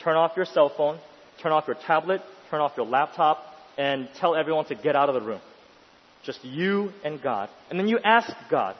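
A man preaching a sermon with emphatic delivery, pushing his voice up into urgent questions and then dropping to a hush. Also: on the high side, expressive, moderate pace. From New York City. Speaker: pastor. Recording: dull, lo-fi sound in a long-reverb hall.

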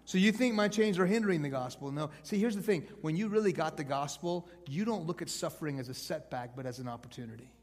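Male evangelist, sermon delivery, conversational with hushed-to-loud swings, slightly high voice, echoing hall. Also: fast, hardly any pauses. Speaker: evangelist preacher. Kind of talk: sermon to college students. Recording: long hall reverb.

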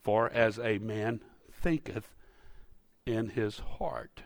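A man's voice: on the low side, very slow, creaky, no room sound, clean studio sound. Folksy man preaching. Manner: folksy, storytelling, building to loud emphatic peaks. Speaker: pastor. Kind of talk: sermon. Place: church sanctuary.

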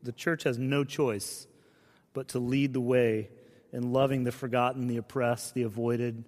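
A male pastor preaches in an earnest, conversational way, often sinking into hushed, low phrases. His voice sits at an ordinary pitch for a man. A long reverb from a large church space trails each line. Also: level tone, unhurried. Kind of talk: sermon.

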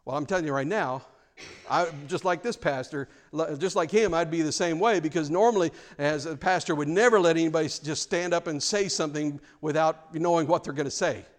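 A man's voice: a little high, fairly quick. A male pastor preaching a sermon in an earnest, frank way, often repeating words as he presses a point.

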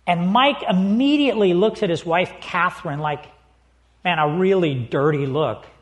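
A man's voice: high-pitched, normal speed. A man preaching as a pastor, telling a personal story with humor and acting out the people in it before reading scripture. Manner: lively storyteller, acts out quotes, laughs easily.

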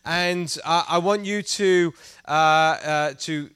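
A man's voice: a little high, slow pace, fairly bright tone, clear, resonant tone, dry recording, studio quality. A middle-aged man with a British accent preaching to a youth gathering, playfully teasing the audience and prompting them to call out answers. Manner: interactive, prompting the crowd to answer. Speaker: youth pastor.

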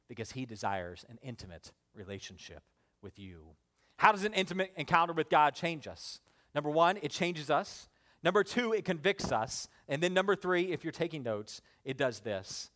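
High-voiced man preaching with sweeping intensity. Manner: dynamic preaching, rising emphatic repetition then hushed low endings. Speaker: pastor. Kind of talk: sermon. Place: church.

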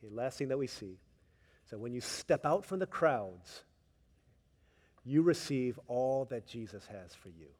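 A man preaching a sermon, telling stories with voices, swinging from hushed tender passages to loud emphatic ones. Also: mid-range voice, animated, measured pace, long pauses, breathy edge, big-room sound. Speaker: pastor.

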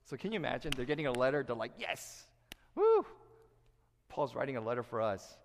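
A man preaching a sermon, animated and lively, acting out quoted voices as he teaches. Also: medium pitch, very fast, vocal fry. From United States. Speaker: pastor. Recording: echoey hall reverb.

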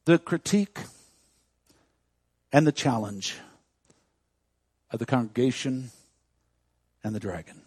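A man preaching a sermon as a pastor, moving from quiet, close talk to loud, shouted preaching. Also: mid-range voice, slightly rough, no room sound. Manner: swings from hushed intimacy to loud shouting preaching. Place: church.

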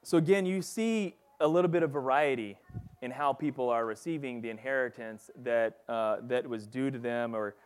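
A man with a mid-range, smooth voice gives a casual, conversational Bible teaching at a moderate pace. He reads passages and talks them through, his chatty delivery packed with fillers like "like" and "you know."

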